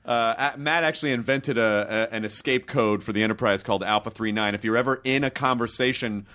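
A man's voice: lowish voice, quick pace, pushed and bright, dry recording. A man with an American accent hosting a podcast, joking and enthusiastic. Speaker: podcast host. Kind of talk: casual chat.

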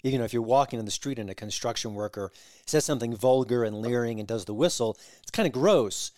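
A man hosts a casual podcast interview, framing his questions in a measured, thoughtful way. His pitch is average and steady. The recording is dry and close, with no room echo.

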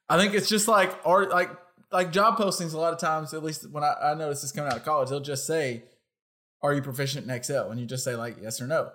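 A man's voice: a little high, steady tone, a little fast, fairly bright tone. A young man co-hosting a podcast in casual chat, talking in a loose, self-correcting way and laughing often. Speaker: podcast co-host.

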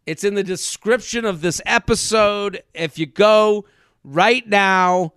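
High, bright-voiced animated male host. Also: slow pace, smooth, no echo, studio quality. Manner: animated storyteller, acts out quotes. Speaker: podcast host. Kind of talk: comedic podcast chat.

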